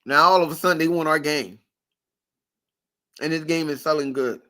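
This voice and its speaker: A man hosting a casual podcast, ranting in an animated, profane, repetitive way. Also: fairly high pitch, normal speed. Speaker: podcast host.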